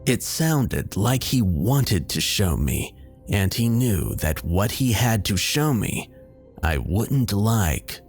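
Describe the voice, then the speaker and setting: A man telling a first-person horror story in a steady, measured way. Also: on the low side. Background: faint background music.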